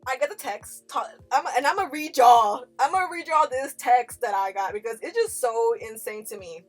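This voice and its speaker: A woman co-hosting a podcast, telling a story in a loud, profane, laughing way. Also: a little high, normal speed, soft background music. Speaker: podcast co-host. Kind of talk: casual storytelling chat.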